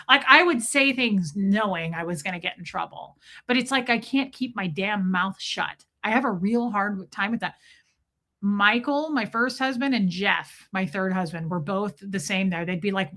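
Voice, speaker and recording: A middle-aged woman hosts a casual livestream in a mid-range voice that is bright and forceful, at a normal speed. She chats in a confiding way and greets viewers by name.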